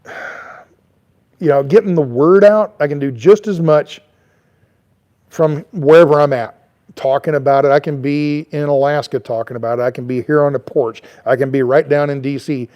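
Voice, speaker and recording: Sitting outdoors on his porch, a middle-aged travel vlogger chats loosely, stumbling through fillers and restarts. His slightly high voice is steady and mellow, at normal speed, and the sound is lo-fi.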